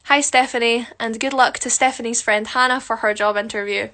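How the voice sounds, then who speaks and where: A woman's voice: fairly high pitch, fairly even intonation, brisk, bright, forceful tone. Chatty self-mocking woman. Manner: chatty, self-mocking, answers viewer questions while doing makeup. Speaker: musical theatre performer. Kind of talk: casual livestream chat. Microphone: phone livestream.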